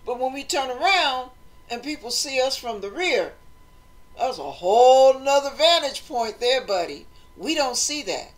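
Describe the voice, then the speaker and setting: A woman hosting a motivational talk, speaking conversationally and acting out quoted voices with lively emphasis. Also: a little high. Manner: animated, acts out quoted voices, conversational preaching. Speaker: host.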